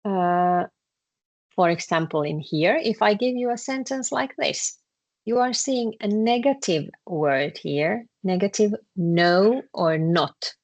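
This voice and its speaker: A woman's voice: medium pitch, lively intonation, slow. A woman teaching in English, patiently explaining verb conjugation with many repeats and fillers. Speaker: Finnish language teacher. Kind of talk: explaining a lesson to students.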